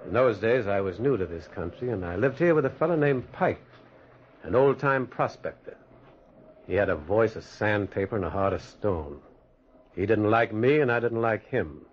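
A man's voice: lowish voice, normal speed, slight background noise, close to an everyday voice. An actor playing a lonely man haunted by memories who narrates his own story in 1940s radio acting. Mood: narrating. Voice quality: husky, expressive storytelling. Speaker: narrator and lead character. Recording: dull lo-fi old radio recording.

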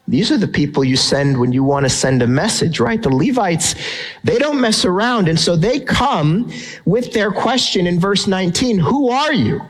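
A middle-aged male pastor preaching with an expressive delivery, his voice sitting a little higher than most men's. He dramatizes the questions and answers in the text he explains. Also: rough recording. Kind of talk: sermon.

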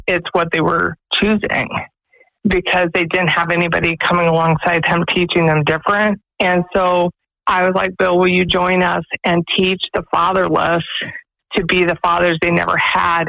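A woman's voice: lowish voice, gravelly, fairly bright tone, dry recording, low-quality recording. A woman, director of a pregnancy resource center, earnestly telling stories as a guest on a radio interview in a studio. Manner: earnest storytelling, quoting others.

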